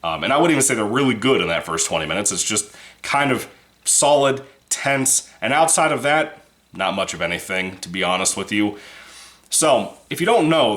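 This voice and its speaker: A man's voice: fairly low pitch, a bit bright. A man giving a casual, rambling movie review, swearing freely and laughing between points. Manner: rambling, profane, laughs often.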